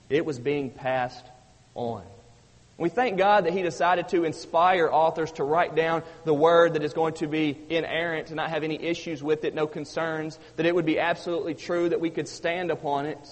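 A man preaching a sermon as pastor, emphatic and repetitive, rising and falling for emphasis. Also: a little high. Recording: long reverb of a hall.

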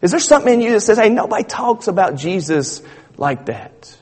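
A pastor preaches a sermon in a church sanctuary, speaking in an emphatic, repetitive, conversational style. His voice is high, expressive, fairly quick, and darkish in tone, and the church hall is reverberant.

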